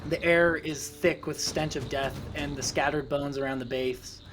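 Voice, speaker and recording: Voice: medium pitch, fairly even intonation, moderate pace, music in the background. A game master narrating a tabletop fantasy game in a casual, rambling way.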